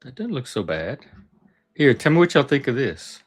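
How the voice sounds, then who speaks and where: A man casually reacting to news items on a live stream, musing out loud as he goes. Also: medium pitch, sing-song, normal speed, husky. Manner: musing aloud, thinking out loud.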